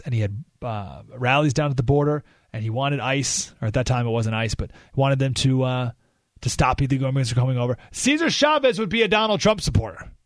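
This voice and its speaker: A man hosting a talk radio show, delivering an animated political monologue and often repeating or restarting words. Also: mid-range voice, dry recording, clean studio sound.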